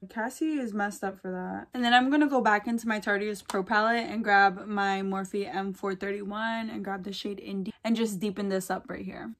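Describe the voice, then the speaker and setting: Gushing, slangy young woman chatting through makeup. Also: fairly high pitch. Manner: gushing, gossipy, slangy, lots of "like". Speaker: beauty vlogger. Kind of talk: casual chat during a makeup tutorial.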